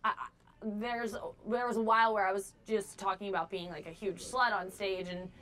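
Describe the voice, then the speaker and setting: A woman's voice: medium pitch, fairly even intonation, normal speed, a bit bright. A young woman, a stand-up comedian, chatting candidly in an interview and acting out quotes with animation. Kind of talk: casual interview chat. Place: bar.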